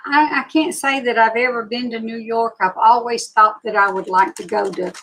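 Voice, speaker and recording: A woman in her sixties with an Alabama Southern accent hosts a live psychic reading stream, her voice a little high, steady and a bit bright over a low-quality recording with some hiss or hum. She chats casually in a slow drawl, greeting viewers by name.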